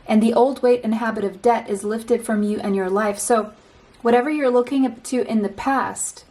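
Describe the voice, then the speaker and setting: Lady doing a tarot pick-a-card reading, kinda high voice, talks right at you, slow and soothing, says things twice. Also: a little mellow, poor audio. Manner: speaks straight to the listener, slow and reassuring, often repeats a phrase.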